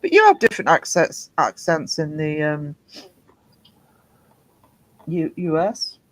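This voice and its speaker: A man hosting a casual livestream chat. He talks haltingly, with many pauses and restarts. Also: a little high, wildly swooping pitch, fairly bright tone, low-quality recording. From Britain. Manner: halting, lots of ums and restarts. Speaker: host.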